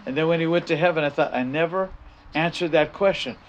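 A man's voice: a little high, fast talker, lo-fi sound, slight background noise. An older man preaching a sermon as a pastor, emphatic, repeating his key phrases and often restarting his sentences. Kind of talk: sermon with personal story.

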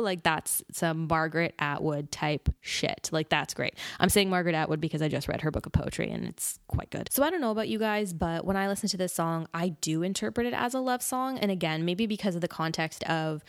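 Low-voiced chatty young woman podcaster. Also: brisk, few pauses, no echo, studio quality. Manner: chatty, frequent "like" fillers, sings snippets. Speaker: podcast host. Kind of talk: solo casual music talk.

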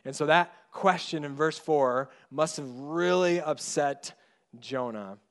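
A male pastor preaching a sermon in an earnest way, growing loud on key points and going soft and slow on tender ones. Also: a little high.

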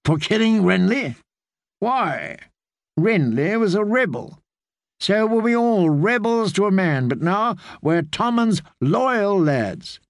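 A languid young knight with a drawling, sardonic wit, voiced a touch high by a male narrator. His lines come slowly and dry, close to the mic. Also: animated, no echo, heavily acted.

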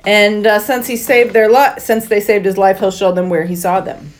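A woman's voice: mid-range voice, steady tone, moderate pace. A woman co-hosting a podcast, recapping a movie plot in casual chat and getting exasperated when she is interrupted. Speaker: podcast co-host.

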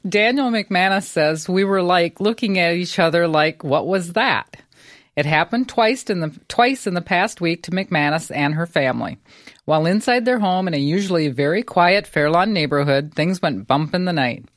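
Low-voiced woman reading news items. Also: animated, moderate pace, no room sound, studio quality. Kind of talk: reading news stories aloud on a podcast.

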